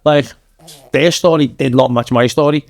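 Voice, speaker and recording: A man's voice: mid-range voice, fairly even intonation, normal speed, no echo. Blunt Mancunian man in his thirties. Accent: Manchester. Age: 30s. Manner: blunt, sweary, keeps saying "lad". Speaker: podcast guest. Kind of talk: casual storytelling.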